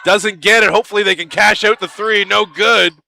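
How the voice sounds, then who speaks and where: A man calls a basketball game live from an arena broadcast position. His voice is fairly high and very bright, and his delivery is chatty and lively, rising into excited calls on big plays. A faint background hiss sits under his voice. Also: fairly quick, gravelly. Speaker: play-by-play commentator.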